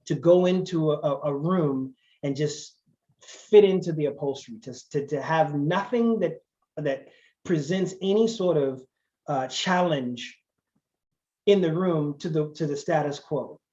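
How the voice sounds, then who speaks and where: An animated male lecturer talks through his points in a relaxed, conversational way, slipping into other people's voices for the quotes he tells. His tone is warm and mellow, and the recording sounds dull and lo-fi. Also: a little high. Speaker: lecturer on language and culture.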